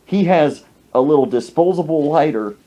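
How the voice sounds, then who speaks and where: Animated man telling a comic story. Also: on the high side, moderate pace. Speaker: podcast host. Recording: dull lo-fi recording.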